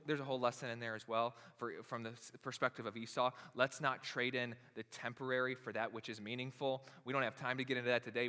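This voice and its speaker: A man's voice: fairly high pitch, sharp tone, long reverb tail. A man preaching a sermon as pastor, retelling a story casually and acting out its characters in everyday voices.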